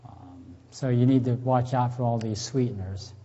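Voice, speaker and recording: A middle-aged man gives a health seminar to a live audience in a church hall, his mid-range voice steady, dark and moderately paced. Chatty and folksy, he quizzes listeners and tells jokes, captured in a dull lo-fi recording full of reverb.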